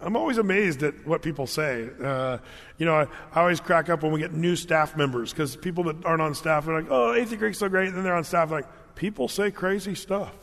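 High-voiced pastor in a reverberant hall. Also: male voice, quick pace, fairly bright tone. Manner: humorous storytelling, conversational. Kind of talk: sermon. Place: large church hall.

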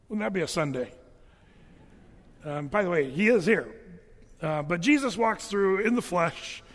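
High-voiced pastor in a reverberant church. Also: male voice, a bit bright. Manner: conversational, jokey, with many restarts. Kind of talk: sermon. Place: church sanctuary.

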